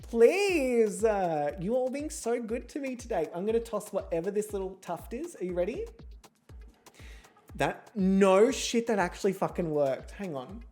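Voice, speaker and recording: A woman commentating her gameplay from home in a sarcastic, foul-mouthed, theatrical manner. Her voice sits at an ordinary middle pitch. Soft music plays faintly behind her. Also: animated, moderate pace. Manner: sarcastic, profane, theatrical rants. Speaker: gaming streamer.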